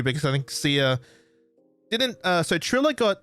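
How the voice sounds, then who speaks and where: Excitable Australian man chatting. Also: on the high side, normal speed, clean tone, faint music behind. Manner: excitable, rambling, forgets names mid-sentence. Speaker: podcast host. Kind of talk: casual chat. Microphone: desk microphone.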